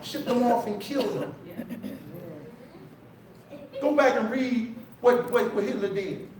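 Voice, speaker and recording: Male pastor, fiery sermon delivery, high voice, booming church-hall echo, mic set back. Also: slow pace, long pauses. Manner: impassioned, shouting preacher with call-and-response. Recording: echoey hall, mic from a distance. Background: congregation responding.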